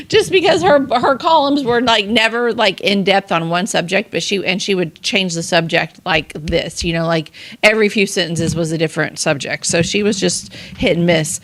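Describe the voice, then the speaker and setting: A woman's voice: medium pitch, normal speed, a bit bright. A woman from southern Illinois with an accent of that region, co-hosting a podcast and telling rambling stories full of restarts. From southern Illinois, USA. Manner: rambling storyteller with many restarts. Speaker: podcast co-host. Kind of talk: casual chat.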